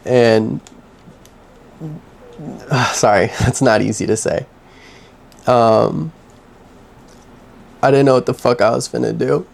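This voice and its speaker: A young man vlogging from his home, telling his own story in a candid, halting way with heavy sighs. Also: medium pitch, gravelly, darkish tone, slight background noise. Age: young adult. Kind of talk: personal confessional story.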